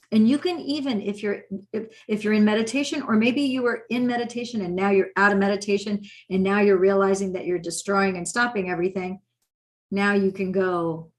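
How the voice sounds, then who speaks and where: A woman talks through meditation in a loose, conversational teaching voice at an ordinary pitch. She gets animated and acts out little inner conversations to make her point. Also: a little fast. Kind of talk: casual spoken teaching.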